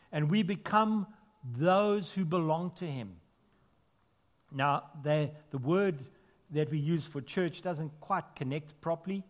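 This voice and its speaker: A man preaching to his congregation, his voice pitched a little above the usual. He speaks earnestly, lifting to strong, emphatic peaks and then sinking into quiet, close asides. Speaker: pastor. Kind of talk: sermon. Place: church.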